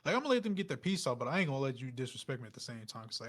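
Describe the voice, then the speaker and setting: A man co-hosting a podcast in casual chat, relaxed and full of "like" fillers. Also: mid-range voice, racing, few pauses. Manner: relaxed, filler-heavy, with frequent "like". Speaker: podcast co-host.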